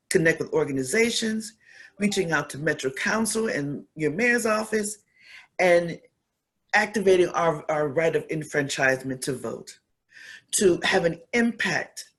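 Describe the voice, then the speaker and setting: A woman's voice: fairly low pitch, a bit bright. A woman giving an earnest advocacy speech, repeating phrases for emphasis and growing emotional. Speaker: community speaker.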